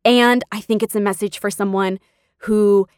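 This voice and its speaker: A woman's voice: medium pitch, fairly even intonation, moderate pace, smooth, dry recording, studio quality. A woman, a podcast host telling personal stories in a chatty, emotional way, often laughing. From California. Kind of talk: personal storytelling.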